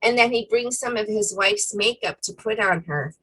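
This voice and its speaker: A woman co-hosting a casual faith-themed chat, retelling a story in an animated way with many fillers. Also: medium pitch, moderate pace, poor audio. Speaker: co-host.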